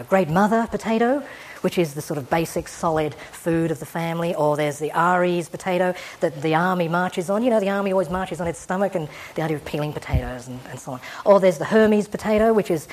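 A woman with a somewhat low voice gives an evening public lecture, wandering through her points in a discursive way. She keeps a wry, gently humorous touch as she speaks to the audience. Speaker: guest lecturer.

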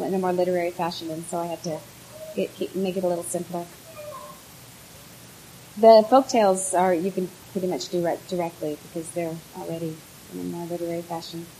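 Gentle woman storyteller. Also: fairly low pitch, slight background noise, low-quality recording. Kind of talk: live folk tale storytelling, then answering questions.

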